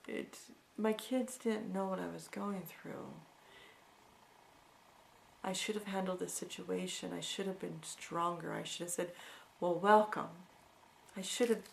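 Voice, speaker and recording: A middle-aged woman speaks in a low, gravelly voice, earnest and reflective as she talks through her own past. She often stops and restarts her sentences. A faint hiss sits under her voice. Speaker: vlogger sharing personal experience. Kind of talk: candid personal talk.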